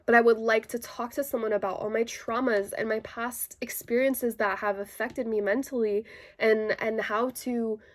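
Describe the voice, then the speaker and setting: A woman's voice: on the high side, steady tone, normal speed. A woman casually telling a personal story to her viewers, chatty and full of "like" fillers, with an indignant edge. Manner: indignant retelling.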